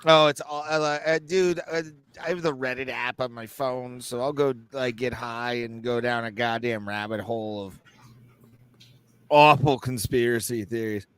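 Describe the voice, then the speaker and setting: A man's voice: mid-range voice, steady tone, normal speed, fairly bright tone, clean tone, no room sound. A man co-hosting a podcast, chatting casually with wry, sarcastic remarks. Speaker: podcast co-host. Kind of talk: casual chat.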